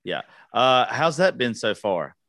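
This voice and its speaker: A man's voice: medium pitch, big pitch swings, measured pace, a bit bright, no room sound. Joking Southern man hosting a podcast. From Georgia, US. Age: 30s. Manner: folksy, joking, swears casually. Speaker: podcast host. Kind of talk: casual podcast interview.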